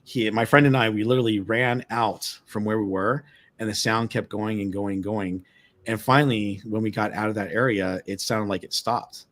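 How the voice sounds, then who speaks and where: A man, a former tour guide, telling an excited story on a live stream, repeating words and acting out what people said. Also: fairly low pitch, normal speed. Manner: excited, repeats words, acts out quoted lines. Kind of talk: animated storytelling. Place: remote live stream call.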